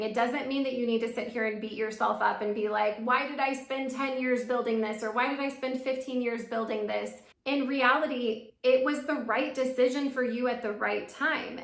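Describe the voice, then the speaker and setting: A woman's voice: on the high side, vocal fry, fairly bright tone, echoey room. A woman in her thirties speaking to camera as a business coach, upbeat and encouraging. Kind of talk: direct-to-camera coaching talk.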